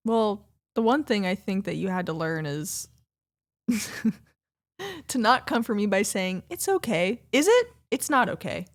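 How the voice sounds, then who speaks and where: A woman co-hosts a casual podcast about couples, sounding animated and laughing easily. Her pitch jumps up whenever she makes a point.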